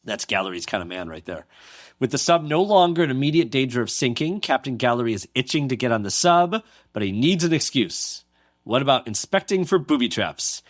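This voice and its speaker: A man's voice: medium pitch, big pitch swings, fairly quick. Podcast guy narrating a war story, jokes on the side, plain middle voice. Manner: joking asides while narrating. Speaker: podcast co-host. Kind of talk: casual history storytelling.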